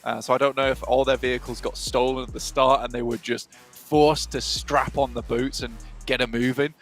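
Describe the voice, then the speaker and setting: A man calling a live esports match, easygoing and chatty. His pitch sits mid-range, with faint music under the commentary. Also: flat delivery, normal speed. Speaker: esports caster.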